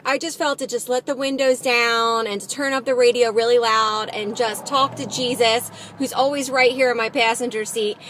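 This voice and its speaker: A female Christian vlogger records a devotional vlog on her phone camera while driving, speaking earnestly and encouragingly with plenty of "just" and "you know." Her voice is on the high side and a bit bright, with a little hiss or hum.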